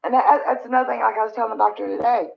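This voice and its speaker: This middle-aged woman hosts a casual livestream, chatting with viewers and venting in a rambling way, sighing often. Her voice is a little high and creaky, with a steady tone and rapid-fire delivery, heard through dull lo-fi stream audio.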